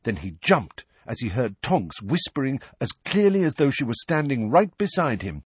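A man narrating an audiobook with expressive storytelling. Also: mid-range voice, normal speed, hardly any pauses, breathy edge, no room sound.

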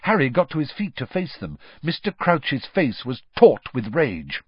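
Male audiobook reader, lively and dramatic, slightly husky. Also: medium pitch, a little slow, no echo, dull audio. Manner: dramatic, expressive reading. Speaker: audiobook narrator. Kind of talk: audiobook narration.

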